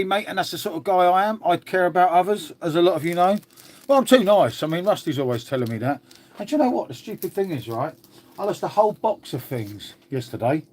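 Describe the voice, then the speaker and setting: A man's voice: on the high side, a little mellow. Chatty English man calling everyone mate. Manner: chatty, laid-back, calls everyone mate. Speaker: live streamer. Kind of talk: casual live-stream chat answering viewer comments.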